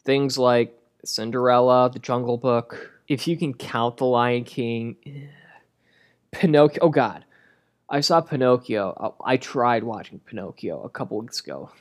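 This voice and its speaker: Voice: mid-range voice, measured pace. A movie reviewer delivering a comedic rant in a sarcastic, crude and exasperated way.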